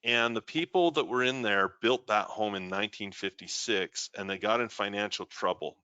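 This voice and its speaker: A man's voice: on the low side, normal speed, pushed and bright, smooth, dry recording, dull audio. A man hosting a live trading show, reading out viewer comments and telling stories in a chatty way. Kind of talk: live-streamed trading talk.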